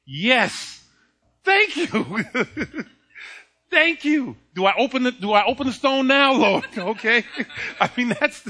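A man preaching a sermon, animated and laughing often as he acts out the scenes. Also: sits high.

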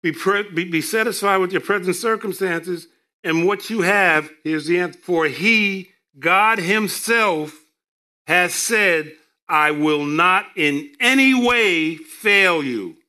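High, slow, bright-voiced male preacher. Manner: emphatic, drawn-out preaching with joking asides. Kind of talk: sermon with scripture reading.

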